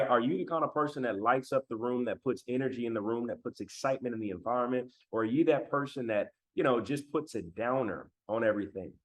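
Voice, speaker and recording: A man giving a motivational talk on a live stream, emphatic, repeating key lines and calling on viewers in the chat, on a laptop microphone. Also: medium pitch. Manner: emphatic, repeats phrases, addresses chat directly. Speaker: motivational speaker. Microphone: laptop mic.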